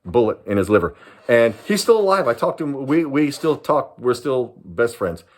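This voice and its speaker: A man in his sixties from Southern California, a retired police sergeant and private investigator, telling a personal story to camera in an animated, dramatic way. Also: medium pitch, moderate pace. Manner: animated, dramatic storyteller who acts out voices and laughs.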